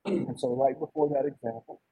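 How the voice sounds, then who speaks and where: A man's voice: medium pitch, fairly quick, dark tone, breathy edge, no room sound. A man preaching a conversational sermon in an informal way, often checking in with "right?". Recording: dull lo-fi sound.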